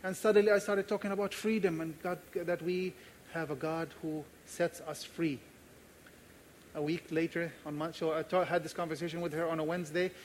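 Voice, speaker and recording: Earnest man preaching, slightly high voice. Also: little pitch movement, normal speed, a little hiss or hum. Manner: earnest, emphatic, repeats key phrases. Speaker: pastor. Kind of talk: sermon with personal stories.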